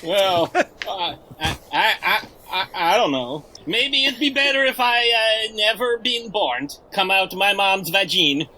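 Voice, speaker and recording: A man playing a despairing, broke man in a crude comedic script read-through, halting and full of hesitations. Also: high-pitched, sharp tone, a little hiss or hum, heavily acted, low-quality recording. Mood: joking. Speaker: player reading a script aloud.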